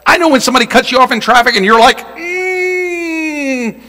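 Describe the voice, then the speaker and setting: A man preaching a sermon as pastor, telling a story in an animated way and acting out shouts in a raised voice. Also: rapid-fire, big-room sound. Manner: animated, acts out shouts and quotes in a high voice.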